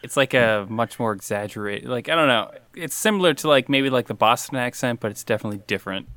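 A man's voice: mid-range voice, expressive, quick pace, fairly bright tone. A man co-hosting a casual podcast chat, rambling and full of "like" fillers. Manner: rambling, lots of "like", laughs often. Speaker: podcast co-host.

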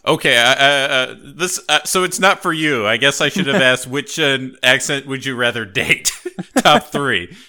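A man hosting a casual movie podcast, playful and quick to laugh, with halting restarts. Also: medium pitch, bright, forceful tone. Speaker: podcast host.

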